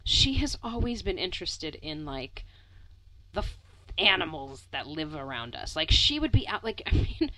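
A young woman tells a rambling story in an easy, chatty way, with plenty of filler words and the odd curse. Her voice is bright and swings widely in pitch. The sound is dry and close. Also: normal speed, dry recording, poor audio. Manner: animated, many "like" fillers, swears, laughs often. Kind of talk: casual storytelling chat.

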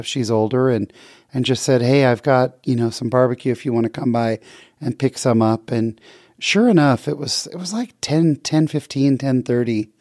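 A man's voice: mid-range voice, no echo, clean studio sound. A middle-aged man hosting a podcast, sharing a heartfelt personal story in an earnest, casual way. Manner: earnest, heartfelt, with gentle laughs. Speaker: podcast host.

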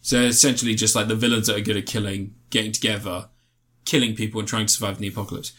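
A man's voice: on the low side, little pitch movement, very fast, fairly bright tone. Rambling casual man reviewing comics. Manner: rambling, swears freely, slangy. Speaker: podcast co-host reviewing comics. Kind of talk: casual chat.

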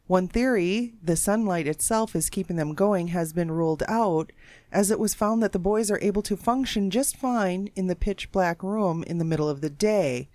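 A woman's voice: medium pitch, moderate pace, a little mellow, no echo. A woman co-hosting a comedic podcast, reading news items in a dry manner. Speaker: co-host.

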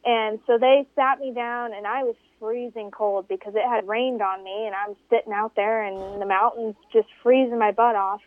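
A woman guest recounting a desert race story, animated and acting out the voices of people she quotes. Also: moderate pace, few pauses, no echo. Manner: animated, acts out quoted voices with big pitch jumps. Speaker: interview guest, desert racer. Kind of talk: storytelling in conversation. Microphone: phone. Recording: tinny phone line.

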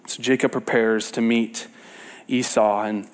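A man preaching a casual sermon, retelling a Bible story with lively repetition and sudden drops from loud to hushed. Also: medium pitch, unhurried, smooth. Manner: animated storyteller, repeats words for emphasis, swings between loud and hushed; casual and conversational, with fillers and self-corrections.

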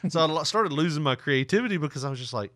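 A male podcast host talks in a loose, casual way, with a voice that swings up and down a lot as he tells his stories. He keeps slipping into high, mocking voices. The sound is dry and close to the mic. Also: racing, no echo. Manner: animated storyteller, jumps into high mocking voices. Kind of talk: casual chat.

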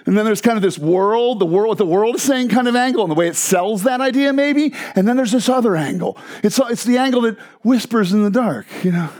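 A man's voice: sits high, lively intonation, brisk, hardly any pauses, darkish tone. A man preaching a sermon to a crowd in a church hall, joking and asking the listeners questions. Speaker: pastor.

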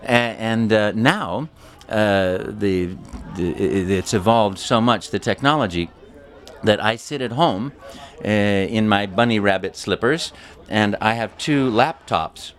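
A man, a voice actor, chatting casually in an interview as an animated storyteller. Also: lowish voice, slow.

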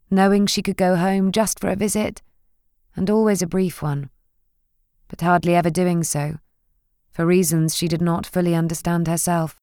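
Smooth, low-voiced woman narrating. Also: dry recording, studio quality. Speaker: audiobook narrator. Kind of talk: scripted narration.

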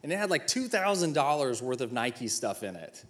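A man's voice: mid-range voice, sing-song, moderate pace, a bit bright. A man in his thirties, a former football player giving an inspirational talk, telling personal stories with self-mocking humor and acting out the dialogue.

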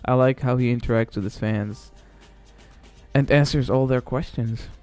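Smooth-voiced man rambling on a podcast. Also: medium pitch, fairly even intonation, normal speed, darkish tone. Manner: rambling, swearing, lots of fillers and restarts. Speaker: podcast host. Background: faint background music.

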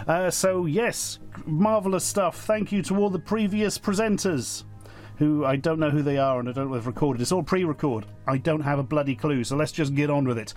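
A man's voice: on the high side, a little fast, darkish tone, soft background music. A man presenting a segment, rambling and offhand, poking fun at himself. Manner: rambling, offhand, self-mocking. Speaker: guest presenter.

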